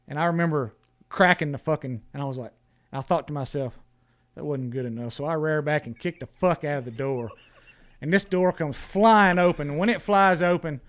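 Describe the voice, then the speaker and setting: A man appears as a podcast guest, casually telling stories about his past in a raised, fairly high voice at a slightly fast pace. He speaks bluntly, swears a lot, and frequently stumbles and restarts his words.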